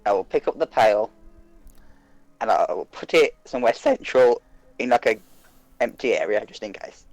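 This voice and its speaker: A man's voice: mid-range voice, expressive, moderate pace, darkish tone, no echo, faint music behind, poor audio. A man with a West Midlands English accent, playing a tabletop game from home, playful and hesitant with many restarts. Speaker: player. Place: home, online session.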